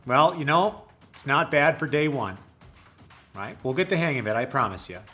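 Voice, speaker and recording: A young adult man playing a teacher who patiently coaxes a puppet student through a video call, gently exasperated. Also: medium pitch, sing-song, normal speed, loud music behind the voice. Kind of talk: comic scripted video call skit.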